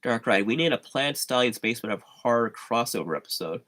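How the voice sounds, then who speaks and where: Casting: male livestream host, mid pitch, loose rambling chat, frequent sighs and chuckles. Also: expressive, fairly quick, a bit bright. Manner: rambling, chatty, with sighs and laughs.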